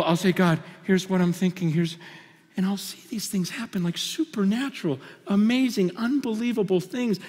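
Animated man preaching in a hall. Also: sits high. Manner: animated, storytelling with repeated restarts and laughter. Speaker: conference speaker. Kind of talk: conference sermon, personal stories. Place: large conference hall stage. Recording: hall reverb from a large venue.

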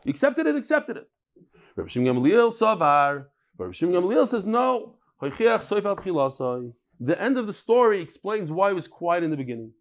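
A man teaching a daily Talmud class, telling stories with animated energy and mixing Hebrew and Yiddish terms into his English. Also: high-pitched, quick pace.

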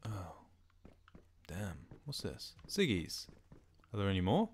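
Talking to himself with plenty of swearing and jokes, a middle-aged man provides casual commentary on the game he's playing as a let's play host. His husky voice sits low and swings hugely in pitch, and he takes things slowly. Game music runs in the background.

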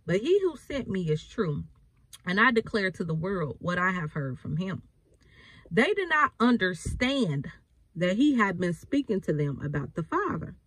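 A woman's voice: mid-range voice, sing-song, measured pace, slightly rough, no echo, poor audio. A woman preacher, reading scripture and explaining it with emphatic repetition. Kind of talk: bible reading and sermon.

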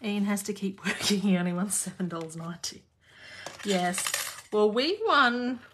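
A woman's voice: mid-range voice, moderate pace, noisy background. An Australian woman hosting a live craft class from her home craft room, chatting casually and laughing while she works. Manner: chatty, laughs often, talks while working.

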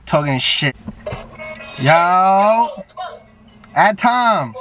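Young new guy on a phone video chat, brash and cussing a lot, kinda high voice, sounds far from the mic. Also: expressive, normal speed, a bit bright, faint music behind. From New York. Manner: brash, profane, teasing. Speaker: YouTuber. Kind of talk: casual video chat with strangers. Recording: distant phone mic, faint background noise.

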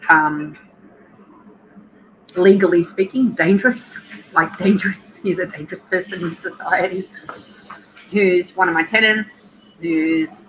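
A woman's voice: lowish voice, a little slow, pauses often, a bit bright, a little hiss or hum, low-quality recording. A middle-aged Australian woman hosting a livestream at home, chatting emotionally and greeting her viewers by name. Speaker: livestream host. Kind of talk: casual chat with live viewers.

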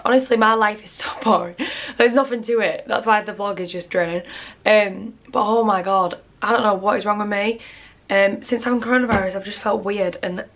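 A young woman in her twenties with a Northern English accent, chatting casually to camera in a rambling vlog, full of fillers. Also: mid-range voice. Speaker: vlogger.

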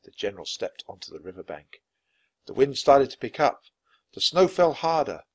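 A man reading a children's chapter book aloud clearly and expressively for language learners. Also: medium pitch, big pitch swings, moderate pace, no room sound. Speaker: storybook reader.

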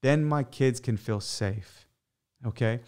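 A man's voice: medium pitch, takes it slowly, a little mellow. A middle-aged man hosting a faith webinar, giving earnest, preachy Catholic teaching with many fillers and restarts. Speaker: webinar host.

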